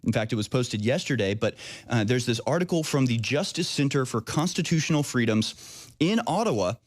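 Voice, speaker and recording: A man's voice: fairly quick, no echo. A man hosting an interview show, talking casually and acting out other people's voices as he goes. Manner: animated, mimics people in high voices. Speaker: show host.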